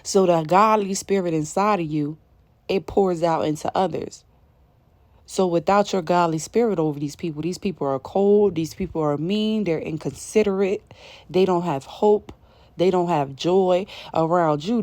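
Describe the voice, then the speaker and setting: A woman's voice: low-pitched, a little mellow, dry recording. A woman delivering an intuitive spiritual message to her viewers, in emphatic, casual, slangy talk that repeats its points. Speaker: spiritual reader.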